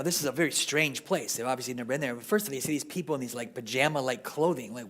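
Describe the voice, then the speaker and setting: A man giving an informal history lecture at a parish, talking off the cuff and often ending sentences with "right?". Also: mid-range voice.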